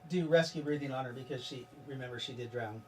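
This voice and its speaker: A man running a tabletop game as game master, talking in a rambling, halting way and laughing at his own jokes. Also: mid-range voice, a little mellow, distant mic, slight background noise.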